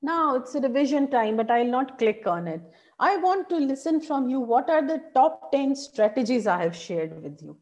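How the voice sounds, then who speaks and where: A woman teaching public speaking in an online workshop, animated and encouraging, asking her audience questions. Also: high-pitched, normal speed, muffled recording.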